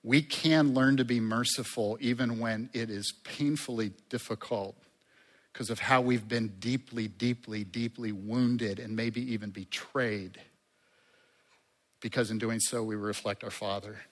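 A man preaching a sermon as a pastor, conversational and lively, with asides to the congregation. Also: fairly low pitch, a little slow, in a large hall.

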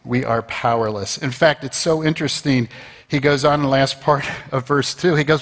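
A man's voice: medium pitch, steady tone, moderate pace. Man preaching in a reverberant hall. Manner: conversational preaching, rising to emphatic peaks. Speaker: pastor. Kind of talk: sermon. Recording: long reverb of a large hall.

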